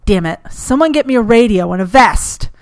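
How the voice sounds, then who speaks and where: A woman voicing a commanding female FBI agent who barks brisk orders. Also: mid-range voice, natural voice. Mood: urgent.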